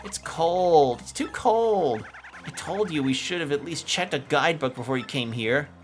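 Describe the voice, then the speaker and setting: A man voicing three complaining female travelers in a video game, in a high, whiny sing-song. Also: expressive, normal speed, a little hiss or hum, close to an everyday voice.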